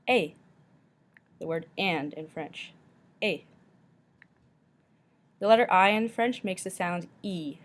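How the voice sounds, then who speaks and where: A woman teacher giving a recorded pronunciation lesson, modeling each word slowly and carefully, often saying it twice. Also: on the low side.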